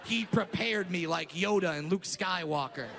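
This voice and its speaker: Brash high-voiced male stand-up comic. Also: normal speed, a little hiss or hum. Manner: brash, profane, erupts into shouted rants. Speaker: stand-up comedian. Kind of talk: stand-up comedy set. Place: large theater stage. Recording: live theater with reverb and crowd laughter.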